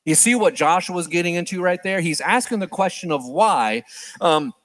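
A man preaching a sermon in an animated way, acting out the prayers he quotes with big swings in pitch and volume. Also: moderate pace.

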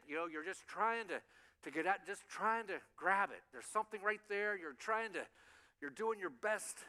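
A man preaching a sermon to a congregation in animated storytelling style, acting out voices and chuckling along the way. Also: high-pitched, big-room sound. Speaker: pastor. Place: church sanctuary.

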